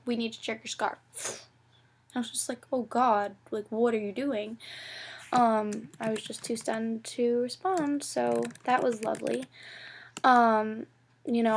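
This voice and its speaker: Young woman vlogging her day, husky and a bit gravelly, keeps sliding into a whisper. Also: a little high. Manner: talks in fillers and acted-out quotes, often drops to a near whisper. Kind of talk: casual vlog recap.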